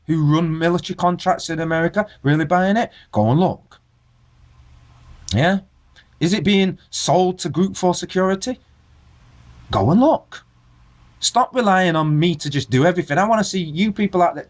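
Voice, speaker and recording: Ranting man, lively pitch. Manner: preachy, fires rhetorical questions at viewers. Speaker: vlogger. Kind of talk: impassioned rant to camera.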